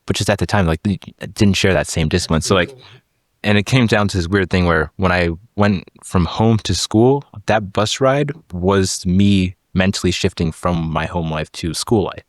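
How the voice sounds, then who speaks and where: A young man from India and Sri Lanka talks things through as a podcast host. His voice is deep and sounds dry and close to the mic. He often stalls and repeats words before landing a point. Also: dry recording. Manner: halting, repeats words while searching for a point. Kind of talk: casual conversation.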